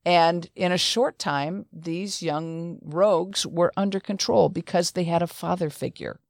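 A woman's voice: lowish voice, a little slow, vocal fry, dry recording, studio quality. Earnest middle-aged woman telling stories. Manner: earnest, conversational, with many restarts. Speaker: host. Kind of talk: Christian talk show storytelling.

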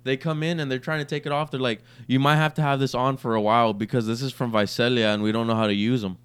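A man's voice: mid-range voice, fairly even intonation, fast, clean tone. A young man on a podcast, casually telling a long, profane story and acting out the quoted lines. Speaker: podcast co-host.

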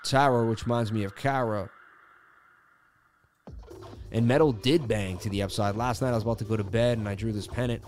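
A man's voice: lowish voice, steady tone, a little fast, pauses often, a little mellow, soft background music. A man hosting a live crypto chart stream, chatting casually and joking with viewers in slangy speech. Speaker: crypto chart analysis livestream host. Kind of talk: casual live market commentary.

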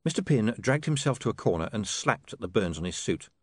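A man giving an expressive, measured audiobook narration. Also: fairly low pitch, no echo, clean studio sound.

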